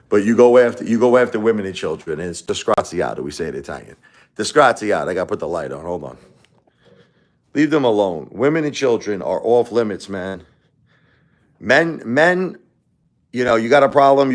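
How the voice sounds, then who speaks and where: A man hosting a casual live stream, talking in a rambling, repetitive way and lashing out at his critics. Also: lowish voice.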